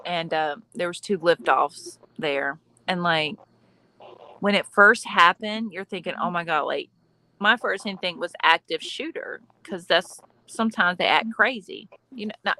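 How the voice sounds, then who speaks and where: Low-voiced woman telling a story. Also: bright, forceful tone, low-quality recording. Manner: storytelling, quick asides. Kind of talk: casual group chat.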